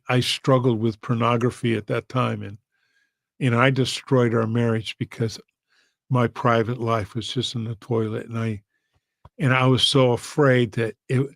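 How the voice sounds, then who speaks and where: A man's voice: medium pitch, creaky, no echo. A man, a pastor, telling an emotional story in an earnest, heartfelt way. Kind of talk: storytelling sermon.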